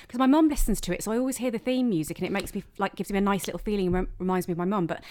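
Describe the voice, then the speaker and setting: A woman's voice: medium pitch, racing, hardly any pauses, mellow. A woman, a comedian guest chatting playfully and self-deprecatingly. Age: 40s. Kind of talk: casual chat.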